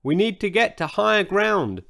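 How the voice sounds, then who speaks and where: A man voicing a brisk, motherly female dinosaur who talks decisively in a children's story. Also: high-pitched, very animated, creaky, fairly bright tone, voice pushed up, exaggerated voice.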